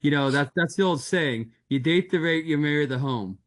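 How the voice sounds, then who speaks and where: A man's voice: a little high, moderate pace. A man in casual conversation, agreeable and reassuring, often restarting his sentences. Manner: agreeable, hesitant starts, reassuring. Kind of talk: casual chat.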